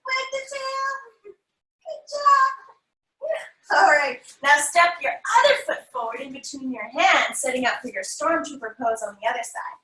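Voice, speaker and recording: A woman's voice: sits high, animated, normal speed, few pauses, fairly bright tone. A woman instructor leading a family yoga class, playful and encouraging with sing-song cues. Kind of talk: guided kids' yoga class. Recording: echoey room, voice from a distance.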